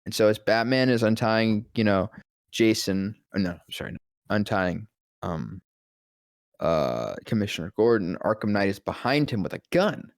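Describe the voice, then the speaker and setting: Expressive and creaky with a fairly low pitch, this young man's voice comes through in studio quality with no room sound. A voice actor on a podcast, he tells a rambling, profanity-laced story in casual conversation and is quick to laugh.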